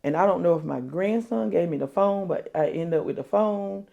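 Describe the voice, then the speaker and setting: An older woman, telling a painful family story in an interview, halting and repeating herself. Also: lowish voice, gravelly, mellow, muffled recording. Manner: halting, repeats herself, quotes others aloud. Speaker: interview guest. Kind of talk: emotional interview.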